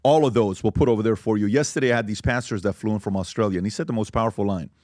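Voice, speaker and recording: A man hosting a podcast in casual chat, upbeat and promotional when he pitches merchandise. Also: very fast, a little mellow, no echo, clean studio sound. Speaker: podcast host.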